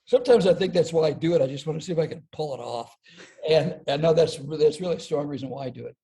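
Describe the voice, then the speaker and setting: Older man, a bit high-voiced, mellow tone, lively storyteller, podcast guest. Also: fast talker, gravelly. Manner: lively, self-deprecating storyteller who acts out quotes. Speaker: podcast guest, comedian and speaker. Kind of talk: storytelling an anecdote.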